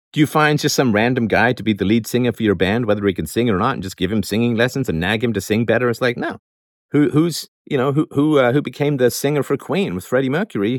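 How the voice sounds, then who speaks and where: A man's voice: mid-range voice, no echo, clean studio sound. A man hosting a show, giving an emphatic, lecturing spoken monologue with mocking asides. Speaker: show host.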